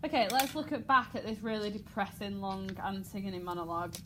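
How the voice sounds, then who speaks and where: An English woman teaching a drama lesson, acting out lines with sudden shouts and laughing often. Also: mid-range voice, fairly even intonation, fairly quick, background noise.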